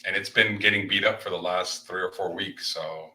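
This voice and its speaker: A low-pitched man with a very bright, forceful tone. He tells stories with excitable energy and chats casually as a co-host. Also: normal speed, low-quality recording. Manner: animated, excitable storyteller. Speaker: co-host and loan officer. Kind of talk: casual sports-show chat.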